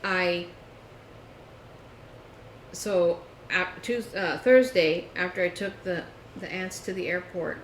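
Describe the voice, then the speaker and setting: A woman's voice: lowish voice, takes it slowly, long pauses. A woman co-hosting a casual chat, telling a story and acting out a phone call. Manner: animated storytelling, acts out phone calls. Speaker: podcast co-host. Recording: echoey room with faint noise.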